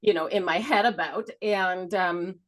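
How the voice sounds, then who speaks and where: A woman's voice: fairly low pitch, measured pace. A middle-aged woman co-hosting a podcast, telling a story in a rambling way, laughing often and swearing casually. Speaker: podcast co-host. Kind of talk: casual chat.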